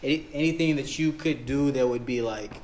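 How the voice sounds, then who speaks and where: A man's voice: mid-range voice, a little fast, a little mellow, a little hiss or hum. A young man hosting a casual interview, laid-back and swearing freely. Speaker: podcast host.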